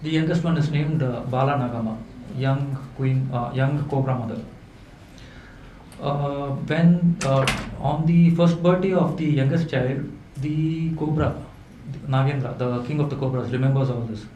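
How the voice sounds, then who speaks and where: A man, telling folk tales to a live audience in a halting way, with many fillers and restarts. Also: medium pitch, fairly even intonation, warm tone. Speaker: storyteller. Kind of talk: live folklore storytelling. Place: event hall indoors. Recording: echoey room with faint hum.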